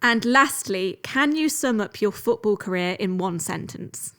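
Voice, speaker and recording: A woman interviewer runs through quick-fire questions, playful and amused. She laughs readily between them. Her voice sits at a middling pitch. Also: expressive, a bit bright.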